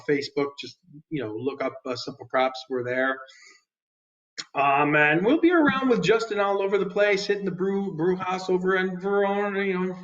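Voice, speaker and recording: A man's voice: sits high, a bit bright, muffled recording. A man appearing as a guest musician in casual chat. He is humble and grateful, and he rambles a little.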